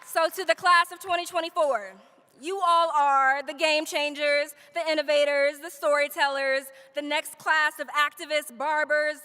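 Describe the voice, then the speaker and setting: A woman with a high, bright, forceful voice delivers an energetic commencement speech. She leads the crowd through affirmations for them to repeat and drops in playful, casual asides. The sound rings with the long reverb of a large ceremony hall. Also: normal speed. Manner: energetic call-and-response affirmations. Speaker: commencement speaker.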